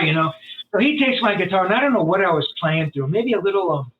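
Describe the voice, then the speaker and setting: A man telling stories as a podcast guest in a rambling, animated way, full of fillers and restarts. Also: high-pitched, fast. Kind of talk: storytelling in a casual interview. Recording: tinny phone-like line.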